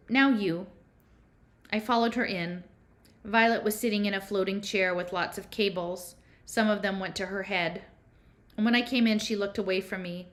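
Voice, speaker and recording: A woman's voice: mid-range voice, fairly bright tone. A woman reading a first-person novel aloud, in a conversational, unpolished way with small slips. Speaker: audiobook reader.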